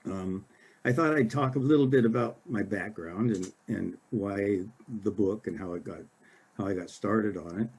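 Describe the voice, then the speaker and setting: An older man from Oregon, an author giving a casual library talk, halting with many fillers and restarts. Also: fairly low pitch, a little mellow, breathy edge.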